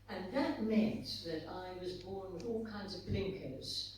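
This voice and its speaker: An older woman from South Africa, speaking as a guest author on a conference stage. She reflects on the past and tells stories as she walks through pictures shown to the audience. Her voice carries loud reverb and sits well away from the mic. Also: fairly low pitch, normal speed, recorded from a distance, a little hiss or hum. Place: conference hall. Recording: very echoey hall, voice from off-mic.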